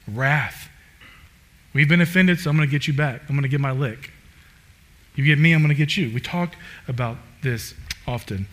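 A man preaching a sermon in a casual, conversational way, full of "like" fillers, swinging from loud emphatic bursts to low quiet asides. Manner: animated, rising loud and emphatic then dropping low.

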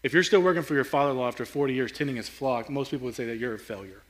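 A man's voice: medium pitch, rapid-fire, fairly bright tone. A man preaching a sermon as pastor, earnest and rising in intensity, often repeating and restarting his words.

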